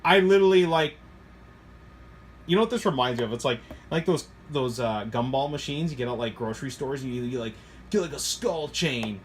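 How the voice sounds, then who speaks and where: A middle-aged man, casually reviewing toy trucks in an excitable, rambling way. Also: brisk, slight background noise. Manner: excitable, rambling, jumps to high squeals when thrilled. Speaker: hobby shop owner reviewing RC trucks.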